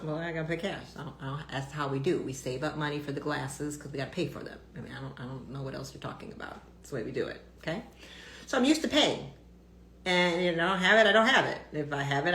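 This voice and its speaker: Casting note: low-pitched woman, frank ranting live-stream host, roomy room with faint noise behind. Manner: blunt, swearing, many fillers and restarts. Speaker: doctor hosting a live stream. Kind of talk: casual live-stream rant.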